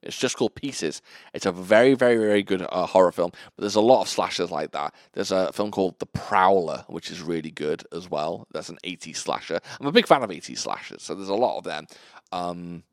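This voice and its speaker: A man co-hosting a casual podcast chat about films, animated and swearing freely, laughing easily. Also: low-pitched, a little fast, dry recording, clean studio sound. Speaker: podcast co-host.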